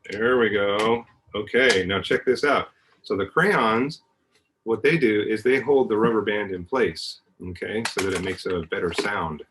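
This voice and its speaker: A man's voice: lowish voice, measured pace, background noise. A man, a university professor, patiently walking children through a hands-on science demonstration at home, singing notes and making vocal sounds to show how they work. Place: family home.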